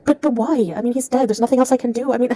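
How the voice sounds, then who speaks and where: A woman playing a frantic caller, high voice. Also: fairly even intonation, racing, warm tone, lightly acted. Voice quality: frantic, exasperated. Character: panicking wife of a dying man. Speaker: skit actor. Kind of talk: comedy skit acting.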